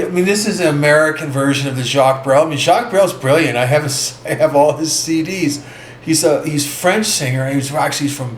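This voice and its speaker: A man hosting a casual vlog, talking in a rambling, halting way with many restarts. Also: a little high. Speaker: vlog host. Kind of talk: casual record-collecting vlog. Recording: echoey room with faint ambient noise.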